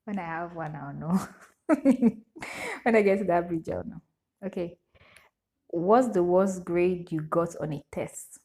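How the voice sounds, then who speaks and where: A woman's voice: fairly low pitch, unhurried, long pauses, dark tone. A young woman with a Nigerian English accent, vlogging in a casual question-and-answer chat, reading each question aloud and answering it with frequent laughter.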